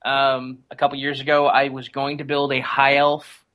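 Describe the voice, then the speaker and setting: A man's voice: mid-range voice, completely flat delivery, normal speed, a bit bright, low-quality recording. A man as a podcast guest, chatting casually and enthusiastically with jokes.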